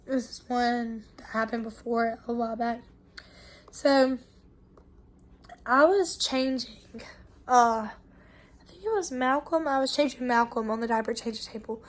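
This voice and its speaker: A young woman, chatting casually to camera, her voice hoarse and winded from bronchitis. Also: a little high. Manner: chatty, storytelling, quick asides. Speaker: vlogger.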